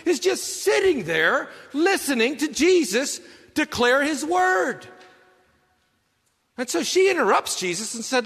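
High, bright-voiced male preacher in a hall. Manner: storytelling, swings between loud and hushed. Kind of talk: sermon. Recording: long reverb of a hall.

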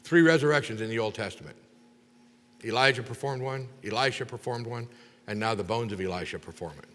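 A man preaching a sermon, retelling a Bible story in an animated way and acting out the characters' lines. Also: mid-range voice, brisk. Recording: long reverb of a large hall.

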